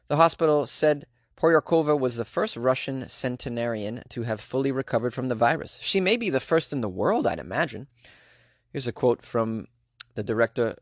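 A man's voice: mid-range voice, dry recording, studio quality. Jokey man hosting a comedy news podcast. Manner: animated, jokey, with asides. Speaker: podcast host.

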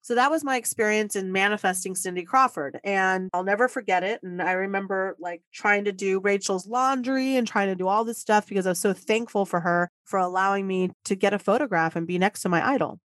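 A woman telling a personal story as a podcast guest, animated and emotional, laughing at times. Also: mid-range voice, a little fast, hardly any pauses, no room sound, clean studio sound.

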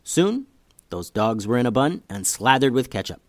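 A man reading a children's story aloud, with lively, expressive storytelling. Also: medium pitch, normal speed, no echo, clean studio sound.

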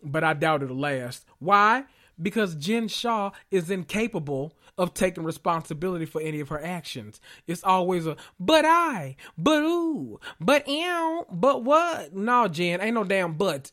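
A man's voice: high-pitched, animated, moderate pace, a bit bright. A man hosting a casual reality TV recap vlog, sassy and gossipy, laughing often as he rambles.

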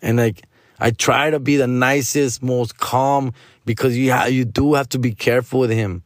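A man's voice: mid-range voice, moderate pace, no echo, clean studio sound. A man hosting a podcast, ranting casually about a friend and mixing in Spanish slang. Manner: animated, mixes in Spanish slang, acts out his friend's nagging. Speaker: podcast host. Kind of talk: casual storytelling rant.

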